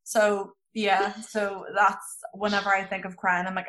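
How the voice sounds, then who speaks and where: A woman guest on a podcast, chatting casually and telling stories in a lively way, laughing easily. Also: mid-range voice, unhurried, hardly any pauses. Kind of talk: casual chat.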